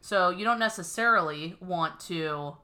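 Bright, emphatic woman podcast co-host. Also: lowish voice, a little slow. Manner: emphatic, opinionated, laughs often. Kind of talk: casual chat.

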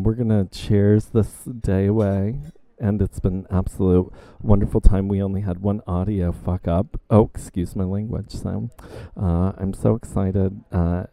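A campy, chatty man with an Indiana twang who rambles through a casual book chat. He speaks slowly, and his voice sits low and mellow. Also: no echo. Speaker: podcast co-host.

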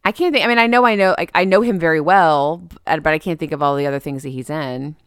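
A woman's voice: low voice, fast, clear, resonant tone, no room sound, studio quality. A woman co-hosting a casual movie podcast, retelling scenes with quoted lines and frequent laughter. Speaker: podcast co-host. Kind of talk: casual movie review chat.

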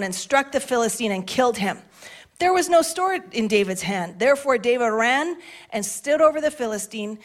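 A woman preaching with a high, bright voice. She is fervent and driving, and she moves between scripture reading and relaxed, conversational asides. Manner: fervent, building to shouted declarations. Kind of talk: sermon.

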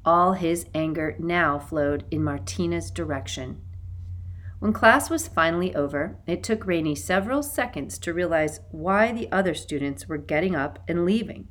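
A woman reading a children's novel aloud as an audiobook narrator, in an expressive storytelling manner. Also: fairly low pitch. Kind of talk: scripted narration.

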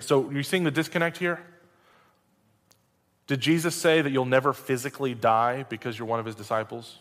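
A man's voice: medium pitch, steady tone, normal speed, pauses often, a bit bright. A male preacher reading scripture aloud and breaking in with conversational asides and rhetorical questions. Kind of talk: Bible reading with sermon commentary. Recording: long reverb hall.

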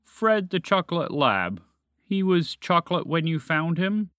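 A man voicing a calm, matter-of-fact orange dragon with a gentle, shrugging manner in a storybook reading. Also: a little high, a little slow, clean tone, no room sound, clean studio sound, pitched above the performer's own voice. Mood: wry.

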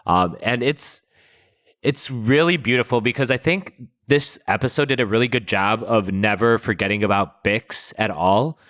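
Man, podcast co-host, smooth clear voice, chatty, lots of ums and laughs. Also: on the low side, moderate pace, a bit bright. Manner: enthusiastic, filler-heavy, laughs often. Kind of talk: casual chat, TV episode discussion.

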